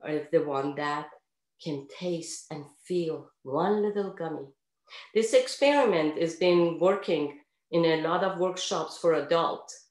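Earnest accented woman, echoey room. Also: on the low side. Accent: non-native English. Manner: earnest, expressive, rambling. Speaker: yoga teacher for children. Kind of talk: casual panel talk on a video call. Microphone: video call.

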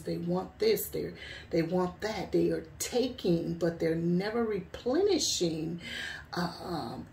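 A woman gives an informal sermon at an unhurried pace, her voice gravelly with fry. She talks conversationally and keeps circling back on her words. The recording is roomy and echoey, picked up from some distance. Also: mid-range voice, a little mellow, slight background noise. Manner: conversational, repeats words, frequent "you know". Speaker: preacher. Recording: roomy echo, voice from far off.

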